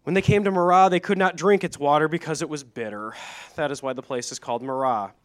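A man's voice: a little high, fast talker. A middle-aged man, preaching a sermon in a conversational way, reading scripture and adding asides. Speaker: pastor.

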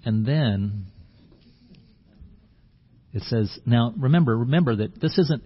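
A man's voice: mid-range voice, lively intonation, measured pace, pauses often, slightly rough, highs cut off. A man preaching a sermon in a conversational way, acting out the scene and often restarting his words. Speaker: pastor.

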